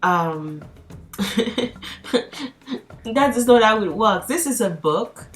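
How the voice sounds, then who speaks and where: A young woman walks her viewers through a casual lesson, chatty and quick to laugh. She slips into playful mock pleas to make a point. Soft music sits faintly in the background. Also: medium pitch, lively intonation. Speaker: language teacher.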